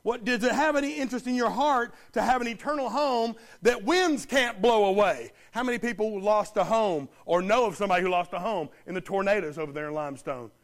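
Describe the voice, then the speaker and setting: High-voiced preacher, emphatic. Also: male voice, quick pace, vocal fry, few pauses. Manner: emphatic, repeats lines, asks the congregation questions. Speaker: pastor. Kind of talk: sermon.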